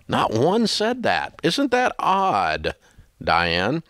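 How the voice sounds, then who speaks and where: A man's voice: medium pitch, huge pitch swings, extremely slow, fairly bright tone, no room sound, clean studio sound. A male radio host giving blunt money advice in an emphatic, scolding, repetitive way. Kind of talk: blunt call-in advice talk.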